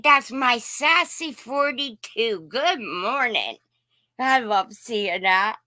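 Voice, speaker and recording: Slow-talking chatty woman with a bright voice. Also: a little high, expressive, no echo. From Indiana. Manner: chatty, folksy, greets viewers by name. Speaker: live stream host. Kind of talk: casual live chat with viewers.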